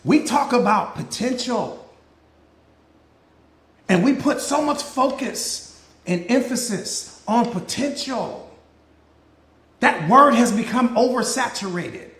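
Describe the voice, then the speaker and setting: A man's voice: extremely high pitch, expressive, slow, long pauses, fairly bright tone, echoey room. A man, a life coach, giving an emphatic live-stream motivational talk with a repetitive, preacher-like cadence.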